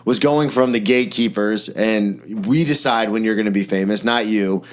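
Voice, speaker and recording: A man's voice: lowish voice, moderate pace. A man co-hosting a podcast, chatting casually, agreeable and reflective, often saying yeah. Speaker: podcast co-host.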